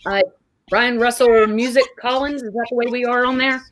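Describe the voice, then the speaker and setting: A woman's voice: on the high side, steady tone, moderate pace, fairly bright tone, rough recording. A woman hosting an interview show, chatting casually and enthusiastically with her guest over a video call. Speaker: show host.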